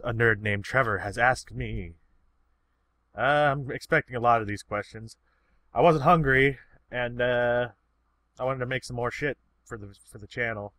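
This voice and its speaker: In a medium-pitched, sharp voice at a moderate pace, a man fields viewer questions in a relaxed, rambling chat laced with swearing. There's no room sound.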